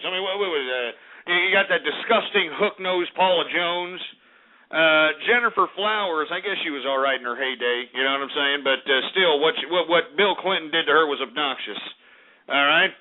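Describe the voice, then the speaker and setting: A high-voiced man rants on a talk radio show, combative and insistent, hammering his points with repeated tags. The sound is thin and narrow, like a telephone line. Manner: combative and ranting, with many repeated "all right?". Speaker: radio host. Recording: tinny phone-like audio.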